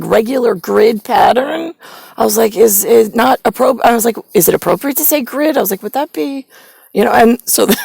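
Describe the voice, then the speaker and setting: A woman vlogger telling a rambling, profane personal story, at times breaking into loud rants. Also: on the high side, creaky, slightly rough, dry recording, rough recording.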